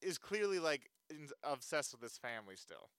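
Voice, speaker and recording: A man's voice: a little high, big pitch swings, brisk, fairly bright tone, clean tone, no echo. A man chatting casually about a movie, loose and full of fillers, often laughing. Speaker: movie reviewer. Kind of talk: casual chat.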